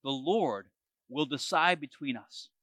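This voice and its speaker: A man's voice: a little high, a little slow, a bit bright, dry recording, pitched below the performer's own voice. A man reading aloud the part of a young fugitive warrior who pleads his innocence to a king, in an earnest, pleading way.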